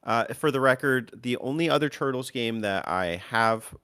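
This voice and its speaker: A man's voice: mid-range voice, lively intonation, normal speed, bright, forceful tone, smooth, no room sound, studio quality. A man co-hosting a casual video game podcast, joking and enthusiastic. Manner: jokey, enthusiastic, plays with silly voices. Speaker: podcast co-host.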